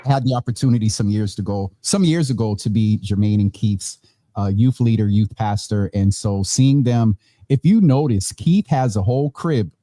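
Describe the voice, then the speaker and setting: A man's voice: fairly low pitch, normal speed, no echo. Tired man hosting a casual chat. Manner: tired, relaxed, chatty with laughs. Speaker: host. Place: hot room at home with vents and fan. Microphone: phone or video call.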